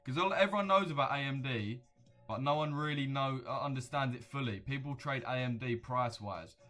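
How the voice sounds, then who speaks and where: A man's voice: medium pitch, brisk, bright, forceful tone, faint music behind. A man giving casual, slangy commentary while trading live, talking straight to his viewers. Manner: slangy, chatty, addresses viewers directly. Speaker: livestream trader.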